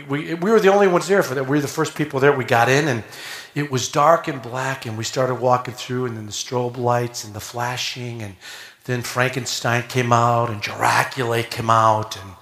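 An older man preaching a sermon, telling stories with rising energy and leading a prayer. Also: medium pitch. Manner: animated storytelling that rises to near shouting. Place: church sanctuary. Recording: echoey church room.

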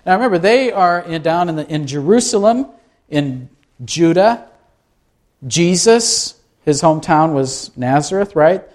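Man, pastor, sermon, conversational, rhetorical questions, somewhat high pitch. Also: lively intonation, a little slow.

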